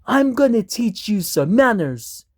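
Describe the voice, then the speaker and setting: A man voicing a touchy, vengeful talking motorhome computer that speaks slowly and primly while threatening its passengers. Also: sits high, sing-song, darkish tone, no echo, studio quality, voice pushed up, heavily acted. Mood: menacing. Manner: slow, prim and threatening.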